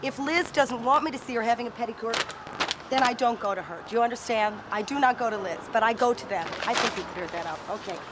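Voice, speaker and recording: A woman's voice: on the high side, fast talker. A woman in her forties hosting a comic chat show, brash and teasing with her guests. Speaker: TV host interviewing celebrities. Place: outdoors on a street, then in a pub. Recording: noisy location audio.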